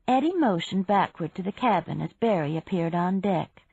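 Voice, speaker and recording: A woman narrating a mystery audiobook in an unhurried, expressive reading. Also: fairly low pitch, vocal fry, slightly rough, dry recording. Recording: dry, dull lo-fi sound.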